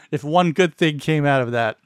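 A man's voice: a little high, clean tone, no room sound. A man co-hosting a podcast, talking in an easygoing way about a TV episode. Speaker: podcast co-host. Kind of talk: casual TV recap chat.

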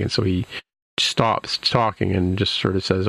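A man's voice: on the low side, flat delivery, moderate pace, vocal fry, fairly bright tone, husky, no room sound, low-quality recording. A man casually retelling a show's plot, rambling with lots of fillers and restarts. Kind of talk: casual episode recap.

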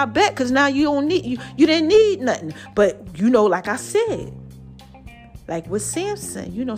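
Lively high-voiced woman giving casual motivation. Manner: playful, preachy, breaks into sung lines and laughs. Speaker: vlog host.

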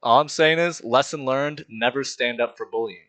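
A man's voice: mid-range voice, moderate pace, a bit bright. A young man telling a childhood story in casual podcast chat, laughing often and acting out the other people's voices. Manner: laughs often, acts out voices in his stories.

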